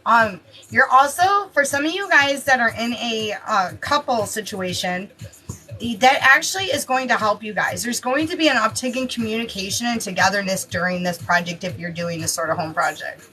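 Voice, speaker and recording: A woman reading horoscopes in a casual, chatty way, excitable and often exclaiming. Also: on the high side, normal speed, poor audio. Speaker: tarot reader giving daily horoscopes.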